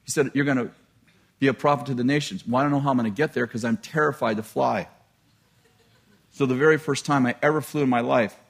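A male preacher telling a personal story in a sermon, animated and self-deprecating, often laughing at himself. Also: medium pitch.

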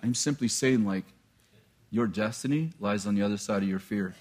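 A male preacher telling a personal story in a sermon, animated and self-deprecating, often laughing at himself. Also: on the low side, normal speed.

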